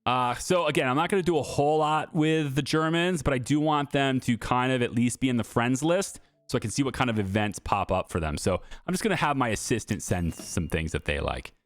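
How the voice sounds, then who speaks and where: A man hosting a gameplay video, chatting casually and thinking out loud with lots of fillers. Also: mid-range voice, brisk, hardly any pauses, no room sound.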